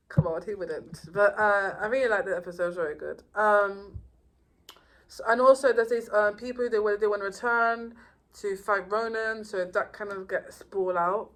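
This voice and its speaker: A woman casually reviewing TV episodes, rambling and excitable with many fillers and restarts. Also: mid-range voice, normal speed, low-quality recording. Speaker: YouTuber reviewing TV shows.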